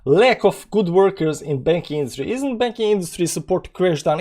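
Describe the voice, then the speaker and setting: Rambling crypto streamer. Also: male voice, sits high, expressive, brisk, few pauses, darkish tone. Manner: rambling, filler-heavy, chuckles at chat. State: low energy. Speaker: crypto live stream host. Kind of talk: casual live stream chart talk.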